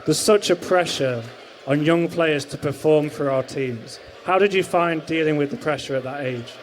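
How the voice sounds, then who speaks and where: A man's voice: a little high, normal speed, slight background noise. A male podcast host asking friendly, conversational questions in a live stage interview.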